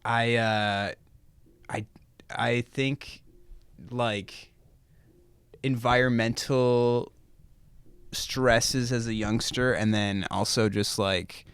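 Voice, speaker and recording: Smooth-voiced young man, easygoing guest. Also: mid-range voice, steady tone, drawn-out words, long pauses, fairly bright tone, no echo. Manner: easygoing and open, laughs often. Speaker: guest musician. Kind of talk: casual interview chat.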